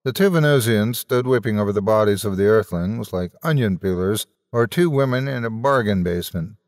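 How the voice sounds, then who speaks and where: A man's voice: lowish voice, animated, fairly quick, a little mellow, dry recording, clean studio sound, long reverb tail. A man narrating a comic science-fiction story in a theatrical, wry manner.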